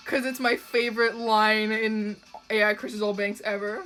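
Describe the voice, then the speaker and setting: This young Canadian streamer draws at home and casually chats with viewers, reading their comments, cursing, laughing often, and trailing off with ums. Her voice is on the high side and sharp, at a normal speed, with faint music behind her.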